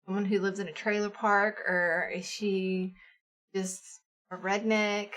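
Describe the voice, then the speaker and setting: A woman's voice: mid-range voice, little pitch movement, unhurried, a crowd in the background. A woman co-hosting a livestream, talking casually and a little hesitantly as she thinks aloud. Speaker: stream co-host. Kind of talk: casual chat.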